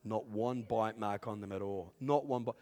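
Standing before a church congregation, a pastor with a lowish voice delivers his sermon. He moves from booming, stretched-out preaching to quiet storytelling and chuckles at his own jokes.

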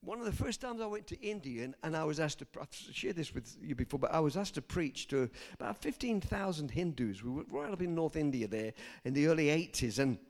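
An older man preaching a sermon, telling personal stories and swinging from soft asides to loud emphasis. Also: a little high, lively intonation, brisk, few pauses.

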